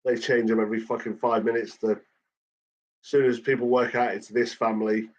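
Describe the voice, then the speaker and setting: A man's voice: mid-range voice, level tone, brisk. A man ranting in a casual chat, swearing constantly as he talks. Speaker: channel host. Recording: dull lo-fi recording.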